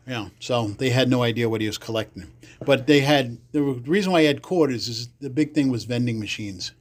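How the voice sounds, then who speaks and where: Animated New man telling street stories. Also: brisk. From the Bronx, New York. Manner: acts out quoted voices with big jumps in pitch, salty language. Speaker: podcast guest. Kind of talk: casual storytelling.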